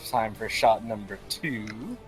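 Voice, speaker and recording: A man's voice: fairly low pitch, expressive, slow. Easygoing man playing a tabletop game. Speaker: player. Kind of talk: casual tabletop play.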